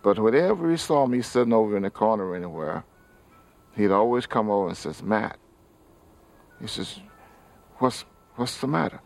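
An easygoing man recalls a friendly colleague in a relaxed interview. His voice is lowish with a gravelly texture. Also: normal speed, pauses often. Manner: easygoing, plain-spoken.

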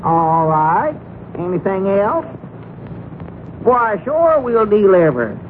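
An actor playing an excitable, teasing country storekeeper with a drawl, in 1940s radio comedy. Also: male voice, slow, a little hiss or hum, heavily acted. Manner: excitable, teasing, jumps up in pitch. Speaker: general store keeper. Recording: muffled old radio broadcast recording.

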